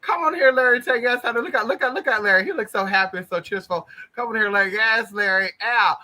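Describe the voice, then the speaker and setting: A man's voice: high-pitched, fast talker, hardly any pauses, pushed and bright. A man hosting a casual livestream, greeting viewers one by one in a flamboyant, blunt and profane way, calling everyone honey. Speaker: livestream host.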